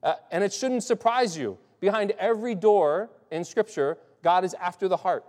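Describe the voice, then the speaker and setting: Heard through a long hall reverb, a male pastor preaches conversationally at a normal pace, his voice sitting high with a darkish tone. His delivery is loose, with frequent restarts and questions of "right?" aimed at his listeners.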